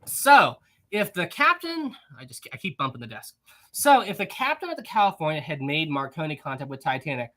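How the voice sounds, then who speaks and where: Bright-voiced giggly livestream host. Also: male voice, on the high side, sing-song, a little fast. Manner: chatty, giggly, rambling with many restarts. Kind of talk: casual livestream chat, reading super chats.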